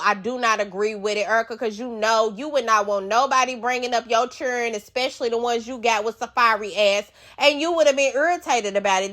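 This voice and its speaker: A woman's voice: fairly high pitch, fairly bright tone. A woman hosting a casual reality TV recap, talking bluntly with heavy profanity and scolding the cast with sassy asides. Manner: sassy, drawn-out asides to the viewer.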